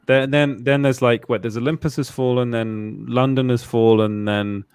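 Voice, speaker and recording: A man's voice: medium pitch, fairly even intonation, normal speed, darkish tone, clean tone, no echo, clean studio sound. Jokey male podcast co-host. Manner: jokey, laughs often, puts on voices. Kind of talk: casual chat.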